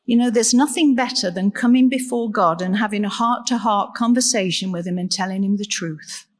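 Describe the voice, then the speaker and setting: A woman preaching a sermon in a slow, measured way and asking rhetorical questions. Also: medium pitch. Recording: long reverb in a large hall.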